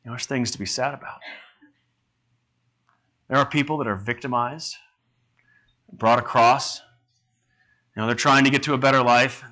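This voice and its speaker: Preaching in a conversational way, a man asks the congregation questions, speaking at a moderate pace with long pauses. His voice is mid-range and sharp in tone, with fairly even intonation.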